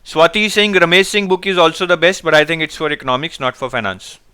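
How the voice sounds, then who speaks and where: A man's voice: on the high side, fast, sharp tone, smooth. A man teaching a live online exam-prep class, reading out viewers' answers and energetically urging them to respond.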